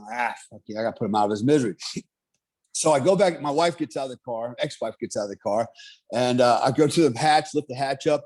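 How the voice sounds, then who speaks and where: A middle-aged man telling a story in casual chat, animated, swearing and laughing often. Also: medium pitch.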